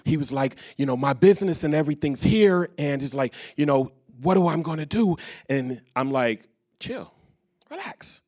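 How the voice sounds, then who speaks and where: A man's voice: on the high side, normal speed. A man preaching a sermon to a live congregation, telling stories full of quoted dialogue. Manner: storytelling with quoted dialogue, varied loudness. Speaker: pastor. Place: church stage before a live congregation.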